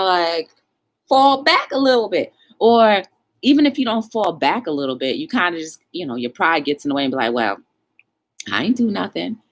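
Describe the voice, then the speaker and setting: A woman hosting a live talk show, telling a story and acting out both sides of the dialogue, and calling her viewers y'all. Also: fairly low pitch.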